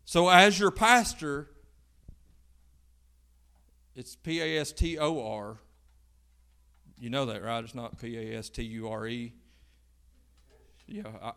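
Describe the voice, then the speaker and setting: A man with a Kentucky twang preaching a folksy, animated sermon to his church congregation. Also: mid-range voice, vocal fry, clean tone. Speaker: pastor.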